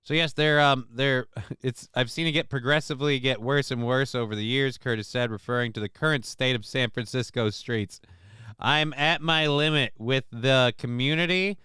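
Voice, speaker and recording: A man hosts a live-stream show, reading viewer messages and rambling through crude, sarcastic asides. His voice is bright and edged, and it comes through smooth and crisp. The sound is dry and close, with no room echo. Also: medium pitch, steady tone, a little fast. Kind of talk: casual live-stream commentary reading chat.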